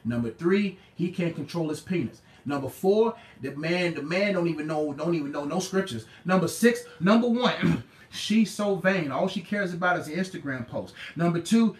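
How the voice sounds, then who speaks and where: A man preaching a sermon in a call-and-response style. He repeats slogans, shouts some lines and drops to low, quiet asides in others. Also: roomy sound. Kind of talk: preaching sermon to a live audience.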